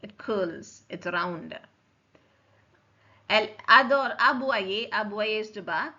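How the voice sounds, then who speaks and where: A woman teaching French in a recorded lecture, explaining slowly, repeating forms and checking that students follow. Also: mid-range voice, bright, forceful tone. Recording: dull lo-fi recording.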